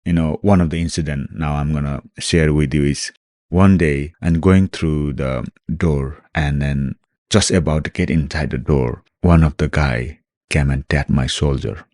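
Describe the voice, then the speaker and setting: A middle-aged man from Nepal with a Nepali accent, a guest in an interview, speaking earnest, halting English full of "you know" fillers. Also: rumbling low, darkish tone, no room sound, studio quality. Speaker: guest, former special forces soldier. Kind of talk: reflective interview answers.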